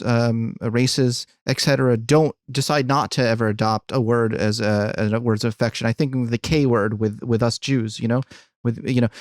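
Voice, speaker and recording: A man's voice: medium pitch, no room sound, clean studio sound. A man hosting a podcast, talking in a casual, hesitant way with many fillers and laughs. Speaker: podcast host. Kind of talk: casual interview chat.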